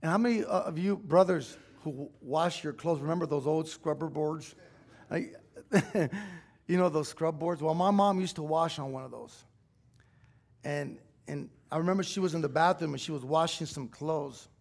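A middle-aged man, a pastor, preaching a sermon in a church, telling a personal story in an emotional, confessional way that swells at times into shouting. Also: a little high, moderate pace, gravelly. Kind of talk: sermon testimony. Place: church sanctuary.

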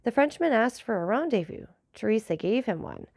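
A woman voicing a grateful, devoted male bandit messenger in a measured storybook reading. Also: fairly high pitch, very animated, vocal fry, a little mellow, breathy edge, no room sound, clean studio sound, exaggerated voice.

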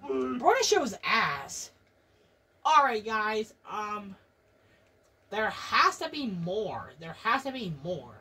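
A woman's voice: medium pitch, sing-song, takes it slowly, pauses often, pushed and bright, husky. A woman doing reaction commentary, jumpy and exclaiming, swearing often. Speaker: video reactor. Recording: distant mic with music behind. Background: music.

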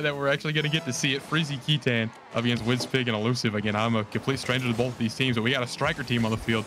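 A man calling esports play-by-play in a quick, rambling way, often correcting himself mid-sentence. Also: mid-range voice. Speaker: play-by-play caster.

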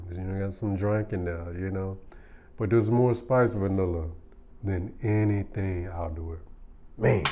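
A man's voice: low voice, mellow. A man casually reviewing fragrances in a laid-back, slangy and enthusiastic way. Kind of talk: casual product review chat.

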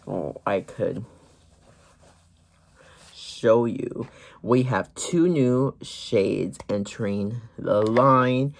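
A gloss-brand owner talks slowly through a product showcase from a corner at home. The voice has a gravelly, fry-laden edge and a mid pitch, with frequent ums and easy asides.

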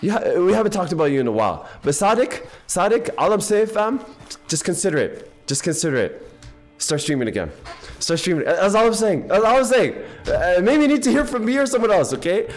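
A man of Ethiopian background giving casual gaming commentary in animated, excitable, slangy banter, tired and half awake. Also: high voice, brisk. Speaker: game streamer. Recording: voice over game audio and faint music.

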